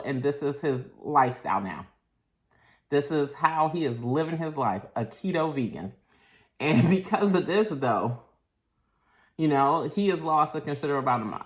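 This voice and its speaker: Woman, casual storytelling, lowish voice, animated. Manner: animated, acts out quotes in shifting voices. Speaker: vlogger.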